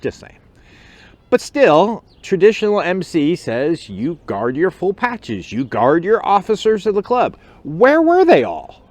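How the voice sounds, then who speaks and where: Animated storytelling man, lively pitch. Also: measured pace, dry recording. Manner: animated storyteller who acts out quotes and chuckles. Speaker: motorcycle club officer and channel host. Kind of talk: casual storytelling vlog.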